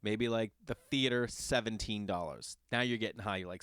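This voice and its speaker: A man who is a father, hosting a podcast and telling a long casual story in an animated, exasperated and profane way. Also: lowish voice, moderate pace, smooth, no echo. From Los Angeles area. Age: adult with children. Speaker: podcast host.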